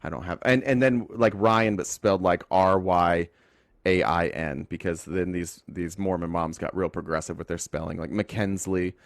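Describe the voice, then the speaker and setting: 低めの声で話すユタ出身の男性配信者. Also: male voice, sits low, steady tone, normal speed, gravelly, no room sound, clean studio sound. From Utah. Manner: rambling, talks to chat, self-correcting. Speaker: livestream host. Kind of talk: casual political livestream chat.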